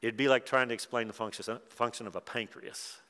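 A middle-aged man, preaching a sermon and telling personal stories, dropping quiet and then rising loud and excited. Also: medium pitch, brisk, clear, resonant tone. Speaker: pastor. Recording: long hall reverb.

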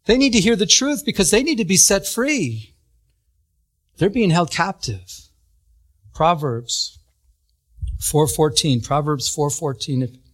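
A man delivers a sermon built around a personal story, voicing the people in it as he goes. His voice sits high for a man, and he talks in a lively, expressive way with frequent laughter. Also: slow pace, pauses often. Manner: animated storytelling, acts out quotes, laughs often. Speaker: preacher.

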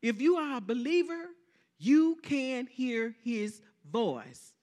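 A woman preaching a sermon, calling out to the congregation and repeating lines for emphasis, swinging from loud to soft. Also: fairly high pitch, sing-song, slow.

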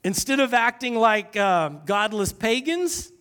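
A man preaching a sermon, slowing down to stress key lines and using dry sarcasm. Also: very high voice, animated, fairly bright tone, clean tone.

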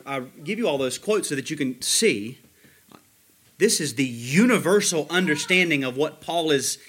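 A man's voice: a little high, sharp tone. Emphatic man preaching a sermon. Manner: emphatic, slows down to stress words, quotes commentators. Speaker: pastor.

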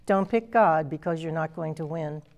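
A woman's voice: low voice, moderate pace, darkish tone. A woman preaching a sermon, earnest and emphatic, reading scripture aloud and explaining it to a congregation.

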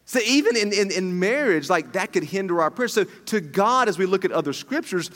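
Middle-aged male pastor, animated, joking sermon delivery with restarts, fairly high voice, long church reverb. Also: a little fast, few pauses. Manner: animated, jokey preaching with many restarts. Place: church hall.

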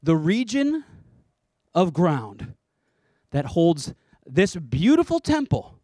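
Animated preaching man, high lively voice. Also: slow, no echo, clean studio sound. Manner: animated, conversational preaching with playful asides. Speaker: pastor. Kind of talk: sermon.

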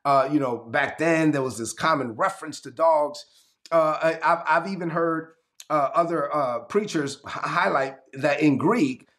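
A man from Brooklyn preaching an emphatic, conversational livestreamed sermon. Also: fairly high pitch. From Brooklyn, New York.

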